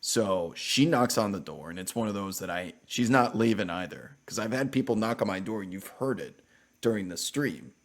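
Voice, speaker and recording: A low-voiced man chatting casually on a live stream. He tells a story in loose, rambling bursts, cutting himself off and restarting. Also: normal speed. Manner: rambling, animated anecdote with self-interruptions.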